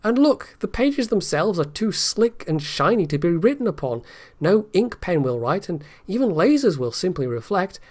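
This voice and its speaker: A man's voice: sits high, sing-song, moderate pace, a little mellow. A man doing a whining skinny monk. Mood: eager. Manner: whiny.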